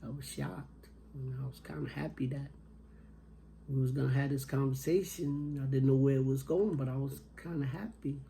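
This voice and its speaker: A middle-aged man telling a personal story as a motivational speaker, slow and reflective with long pauses. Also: mid-range voice, fairly even intonation, gravelly, warm tone, a little hiss or hum.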